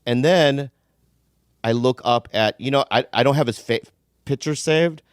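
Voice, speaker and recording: A man's voice: medium pitch, a little slow, clear, resonant tone, dry recording, clean studio sound. A man telling a rambling comedy story that keeps breaking off and starting again. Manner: rambling, self-interrupting. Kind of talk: conversational storytelling.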